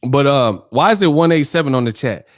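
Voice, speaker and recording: A man's voice: mid-range voice, animated, fairly quick. Profane, joking man livestreaming about boxing. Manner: profane, joking, laughs often, mimics voices. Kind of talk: casual livestream chat reading viewer comments.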